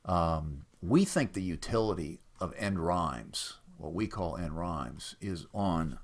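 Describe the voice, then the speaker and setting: Low-voiced man casually demoing websites. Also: animated, takes it slowly, a little hiss or hum. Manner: unscripted, explanatory, mildly skeptical, with frequent "uh" fillers. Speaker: website presenter for a rhyming site. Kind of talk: casual screen-recorded walkthrough.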